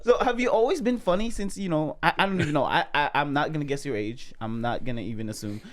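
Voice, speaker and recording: Excitable male podcast host. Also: a little high, quick pace. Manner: excitable, laughs often, hypes his guest. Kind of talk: casual chat.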